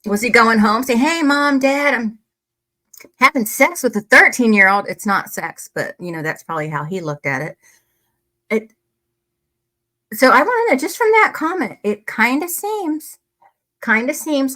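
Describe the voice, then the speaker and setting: A woman talks to her viewers in a casual, heated way, blunt and quick to swear. She sits close to a desk microphone while she reads and reacts to messages. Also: fairly high pitch, sing-song, bright, forceful tone. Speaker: true crime commentator. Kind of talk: casual commentary reading emails.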